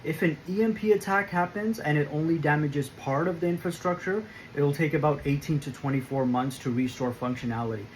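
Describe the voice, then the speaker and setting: A man hosting a prepping channel, delivering a scripted explainer monologue in a firm, emphatic, measured way. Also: a little high, a little hiss or hum, rough recording.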